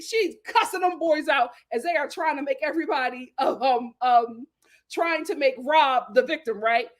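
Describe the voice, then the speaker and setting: High-voiced woman gossiping a dramatic recap. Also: moderate pace. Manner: dramatic, animated storytelling with frequent laughter; playful slang and sass. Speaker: YouTube show host. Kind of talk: gossipy reality-show recap.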